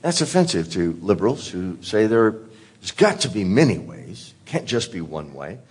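A man's voice: lowish voice, very animated, a little slow, slightly rough. A pastor delivering a sermon, an earnest man who often repeats words as he presses a point.

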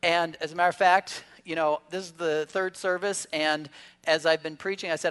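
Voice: medium pitch, flat delivery, brisk, fairly bright tone, clear, resonant tone. A pastor giving a church sermon in a conversational way, asking the congregation rhetorical questions and adding humorous asides. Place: church service.

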